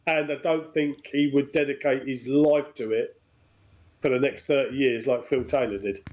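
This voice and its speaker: A middle-aged man, chatting as a pundit in a relaxed, easygoing way. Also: medium pitch, moderate pace. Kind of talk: casual chat.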